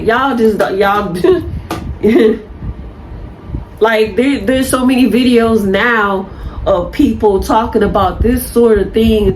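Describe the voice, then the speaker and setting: Woman, 50s, a slightly high voice, blunt scolding vlogger. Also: slight background noise, rough recording. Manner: blunt, profane, heated lecturing. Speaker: spiritual content creator. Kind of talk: unscripted to-camera rant.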